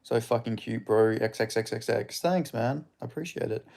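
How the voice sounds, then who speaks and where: A man's voice: medium pitch, moderate pace, creaky, a little mellow. A man with an Australian accent, from Perth, casually commentating a live fight stream, laid-back and swearing freely as he chats with viewers. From Perth, Western Australia. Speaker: streamer hosting a live fight watch-along.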